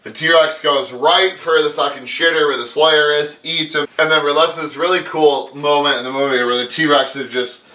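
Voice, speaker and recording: A man's voice: fairly high pitch, fairly even intonation, moderate pace, few pauses, bright, forceful tone, distant mic. A man giving a crude, sarcastic comedic recap of a movie, swearing constantly. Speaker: podcast host. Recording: echoey room, off mic.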